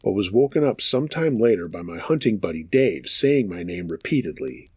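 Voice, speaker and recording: A man's voice: fairly low pitch, big pitch swings, a little fast, darkish tone, slightly rough, dry recording, studio quality. A man hosting a show of true scary stories, reading listener accounts aloud in a casual, profane storytelling manner.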